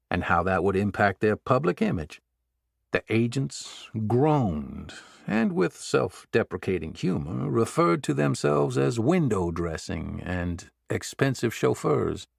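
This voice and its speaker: A man giving measured, dramatic scripted narration of a thriller audiobook. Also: mid-range voice, creaky, no room sound, clean studio sound.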